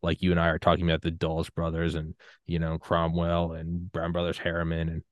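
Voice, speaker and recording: Deep voiced guy in his 30s, chatty podcast talk, dry close sound. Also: fairly quick, no echo. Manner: animated, acts out quotes. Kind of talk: casual conversation.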